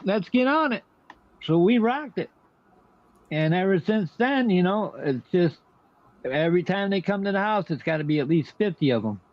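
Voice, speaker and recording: A man's voice: high voice, expressive, moderate pace, dry recording, highs cut off. An older man telling stories in a casual chat, brash and profane.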